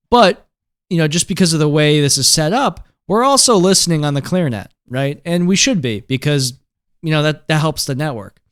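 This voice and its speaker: A man's voice: fairly high pitch, smooth. A man hosting a casual tech tutorial, explaining things conversationally and checking in with the viewer with "right?" and "okay?". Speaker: host.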